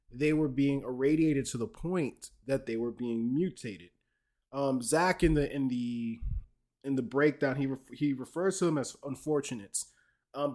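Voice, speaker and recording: A man hosting a podcast, casually explaining a video game's story and joking with his co-host. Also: medium pitch. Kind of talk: casual chat.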